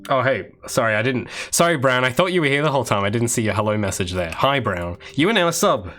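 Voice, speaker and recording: Over soft background music, this Australian man, a game developer, chats loosely with his livestream audience as he works, wandering off into asides and restarting his sentences. He talks fast in a mid-range, slightly bright voice with lively intonation.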